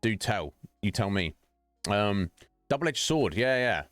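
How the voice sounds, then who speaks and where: Chatty laughing male streamer, lively pitch. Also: takes it slowly, no echo, soft background music. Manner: chatty, rambling, joking, laughs often. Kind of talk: casual chat with viewers.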